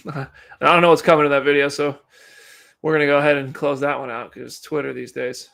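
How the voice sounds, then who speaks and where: A man's voice: on the high side, level tone, fairly quick, vocal fry, fairly bright tone. Chatty man hosting a live stream. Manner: chatty, reads chat and news aloud. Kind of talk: casual live commentary.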